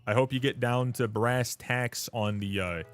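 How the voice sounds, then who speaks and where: This Canadian man chats loosely on a live stream in a medium-pitched, measured voice over soft background music. He swears freely, laughs a lot, and keeps addressing people as dude and brother.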